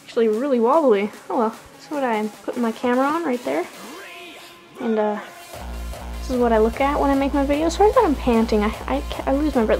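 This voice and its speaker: A woman's voice: on the high side, quick pace, over music, rough recording. A woman vlogging casually, rambling in a giddy, scattered way. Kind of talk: casual rambling vlog talk. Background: song playing in the background.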